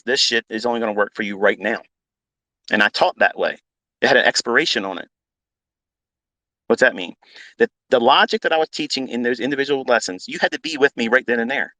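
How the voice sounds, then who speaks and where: A man's voice: medium pitch, expressive, a little fast, long pauses, pushed and bright, no room sound, rough recording. Man, trading mentor, blunt swearing rant, repetitive, dry recording. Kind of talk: unscripted profane rant.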